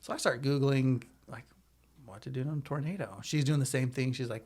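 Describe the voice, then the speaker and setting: A man's voice: medium pitch, fairly quick. Chatty man telling a story. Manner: animated, chatty, lots of "like". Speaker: podcast guest. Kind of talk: casual storytelling.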